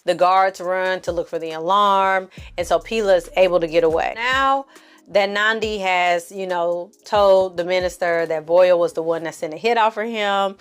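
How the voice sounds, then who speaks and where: A woman's voice: fairly low pitch, moderate pace, clear, resonant tone. A woman giving a casual, slang-filled recap and review of a TV episode, chatting to her viewers and acting out the characters' lines. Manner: animated, slangy, acts out characters' lines with exaggerated inflection; frequent fillers and asides to the audience. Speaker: film and TV reviewer.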